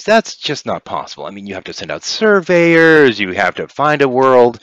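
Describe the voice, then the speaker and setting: A man's voice: a little high, fairly bright tone, a little hiss or hum, pitched above the performer's own voice. A man doing a sly, sinister alien woman. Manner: grinning, with a sinister edge. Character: sly scheming woman alien power broker.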